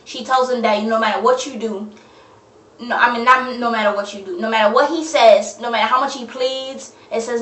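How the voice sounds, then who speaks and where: A young woman tears into a horror film, cursing freely in casual slang. Her voice sits a little high. She is recorded on a phone set back from her in an echoey room. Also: moderate pace, a bit bright, distant mic. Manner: profane, blunt, slangy. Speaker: movie reviewer. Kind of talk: ranting movie review.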